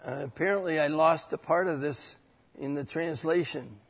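A man preaching a sermon and reading scripture aloud, swinging between loud declaring and quiet, reflective reading. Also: on the high side, moderate pace, creaky. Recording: long hall reverb.

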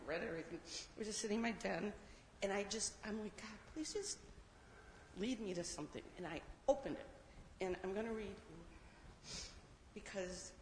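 A woman from the congregation sharing a testimony, hesitant with many fillers and tearful. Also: mid-range voice. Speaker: congregation member. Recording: roomy hall with long reverb, faint noise.

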